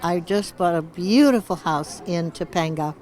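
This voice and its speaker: Being interviewed on the red carpet as an honoree, this woman in her 80s speaks at a moderate pace in a low, slightly mellow voice. Her answers wander as she hunts for words, joking and chuckling frequently.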